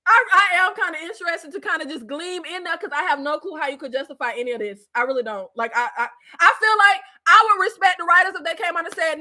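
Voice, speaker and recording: Very high-pitched, bright, animated woman. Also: quick pace, few pauses. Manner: animated, gets worked up and yells, laughs at own jokes; slangy, blunt. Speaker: show reviewer. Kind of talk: casual live chat reviewing a TV series.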